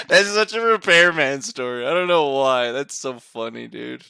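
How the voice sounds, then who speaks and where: A man's voice: mid-range voice, lively intonation, normal speed, creaky, few pauses, bright, forceful tone, clear, resonant tone, dry recording, studio quality. A young man streaming a game, chatting casually with viewers, laughing often and swearing freely. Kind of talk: casual chat while gaming.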